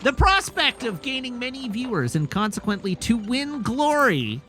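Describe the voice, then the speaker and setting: A young male streamer fills the gaps in his game with quick, self-mocking jokes. His voice sits high and sounds bright and ringing. His pitch jumps around a lot as he riffs. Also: sing-song, faint music behind. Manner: joking, self-mocking asides. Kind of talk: live game stream commentary.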